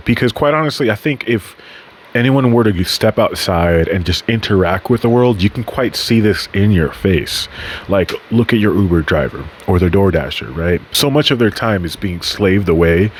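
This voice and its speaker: A man's voice: deep voice, slight background noise. A man hosting a podcast in a casual, rambling monologue, swearing freely and often correcting himself mid-sentence. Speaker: podcast host.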